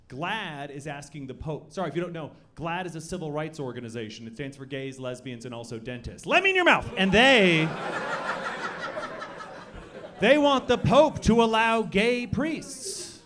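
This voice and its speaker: A young man doing a stand-up comedy set, with deadpan delivery that breaks into loud shouted bits. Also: a little high, normal speed. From Colorado. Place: comedy club stage. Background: audience laughter.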